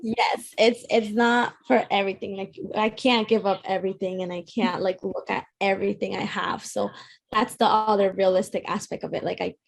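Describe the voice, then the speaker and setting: A woman's voice: mid-range voice, steady tone, normal speed, creaky. A woman who founded a shop, speaking as an interview guest and earnestly making her case. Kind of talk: casual interview chat.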